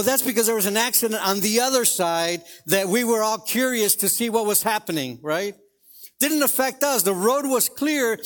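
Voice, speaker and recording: A man with a high-pitched voice preaches a sermon to a congregation. He talks in a loose, conversational way, telling everyday stories and checking in with his listeners. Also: fairly bright tone. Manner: conversational, anecdotal, asks the congregation "right?". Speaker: pastor. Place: church in front of a congregation.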